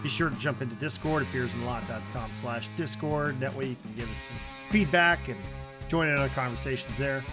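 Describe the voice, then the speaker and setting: A man's voice: medium pitch, brisk, over music. A man hosting a casual podcast, telling stories with friends and laughing often. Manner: animated storyteller, laughs often. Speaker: podcast host. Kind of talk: casual chat among friends.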